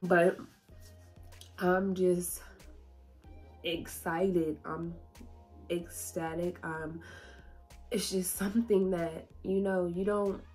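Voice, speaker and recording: A woman's voice: on the low side, level tone, very slow, pauses often, a little mellow, soft background music. A woman, talking casually and emotionally to her viewers, laughing and fighting back tears. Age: 20s. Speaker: YouTuber. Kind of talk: casual vlog talk to viewers.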